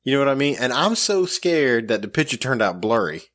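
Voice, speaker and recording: A man's voice: medium pitch, big pitch swings, fairly quick, a bit bright. A man co-hosting a podcast, telling a self-mocking story in casual chat with lots of fillers. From grew up in the country. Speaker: podcast co-host.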